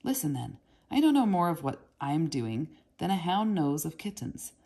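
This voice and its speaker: A woman voicing a cheerful, talkative apprentice boy who jokes in old sayings, in a low, gravelly, husky voice. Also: very animated, normal speed, mellow, heavily acted. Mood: friendly. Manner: friendly, joking, eager questions. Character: cheerful chatty boy apprentice, proverb-loving.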